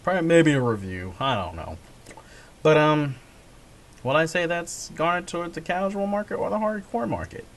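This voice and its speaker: Animated, chuckling male gaming vlogger. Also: a little high, moderate pace, slight background noise. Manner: rambling, chuckling, self-correcting. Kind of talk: casual monologue.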